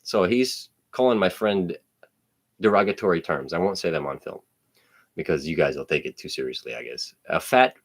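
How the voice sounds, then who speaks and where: A man's voice: sits low, normal speed. A man in his thirties from New Jersey, telling a profane, blunt story in casual chat.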